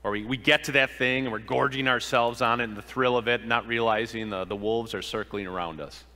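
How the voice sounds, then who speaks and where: Male pastor, sermon, bright forceful voice, long hall reverb. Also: medium pitch, fairly even intonation, a little fast. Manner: earnest preaching with rhetorical questions and acted-out quotes.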